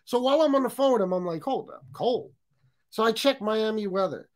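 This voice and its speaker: A man's voice: high voice, fast talker. A man hosting a casual livestream, joking, cursing, and reading viewer comments aloud. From US Northeast. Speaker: livestream host.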